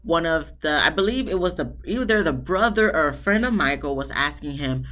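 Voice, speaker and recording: Chatty woman reviewing a TV show. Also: moderate pace. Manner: chatty and animated, jumps into high-pitched asides. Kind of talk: casual solo review chat.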